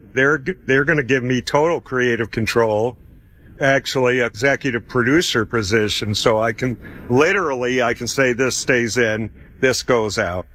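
A man's voice: medium pitch, fairly bright tone. Man telling a faith story, chatty. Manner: conversational, acts out dialogue, chuckles often. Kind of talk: personal testimony storytelling.

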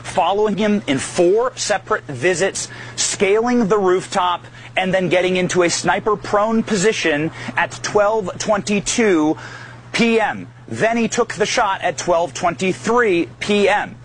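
Forceful high-voiced male commentator. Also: measured pace, slight background noise. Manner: forceful, insistent, rhetorical. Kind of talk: emphatic broadcast commentary.

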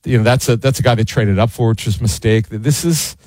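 A man's voice: mid-range voice, fast, darkish tone, no echo. A man giving blunt, emphatic opinions as a football insider on a sports show. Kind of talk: casual sports analysis.

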